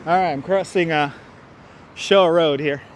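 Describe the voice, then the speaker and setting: A man's voice: a little high, a little slow, slight background noise. A chatty man hosting a casual live stream and reading out viewer comments as he walks outdoors through city streets, with a clip-on mic. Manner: chatty, reads out viewer comments, laughs often. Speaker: livestream host. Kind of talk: casual live-stream chat while walking. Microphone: wireless clip-on mic.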